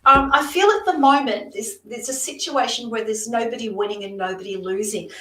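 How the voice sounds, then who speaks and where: A woman's voice: fairly high pitch, brisk, fairly bright tone. An Australian woman doing psychic card readings on a livestream, chatty and effusive, talking straight to her viewers. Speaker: psychic reader, guest. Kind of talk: live-streamed card readings and chat. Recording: roomy room, distant mic.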